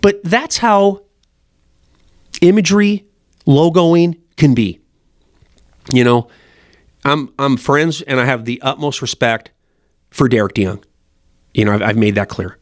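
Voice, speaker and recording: A man's voice: mid-range voice, no room sound, clean studio sound. A middle-aged man who runs a fly shop, talking in a blunt, profane, rambling way. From Montana, USA. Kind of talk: casual rambling monologue.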